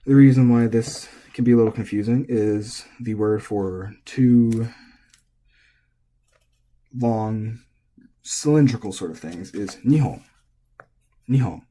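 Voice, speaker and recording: A man giving a relaxed, casual language lesson, thinking aloud and correcting himself as he goes. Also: lowish voice, takes it slowly, long pauses. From United States. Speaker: language teacher.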